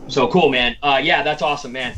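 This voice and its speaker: A relaxed man hosts a weekly livestream and chats casually with a guest. He is from Tennessee and talks at an ordinary mid pitch. He pads his talk with fillers and stops to restart sentences. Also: a little hiss or hum. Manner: easygoing, drawn-out fillers and repeats. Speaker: podcast host.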